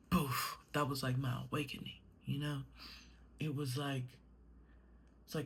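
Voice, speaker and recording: A woman's voice: rumbling low, flat delivery, unhurried, pauses often, slightly rough. A young adult woman talking casually in a personal vlog, meandering with many fillers and swearing when worked up. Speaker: vlogger.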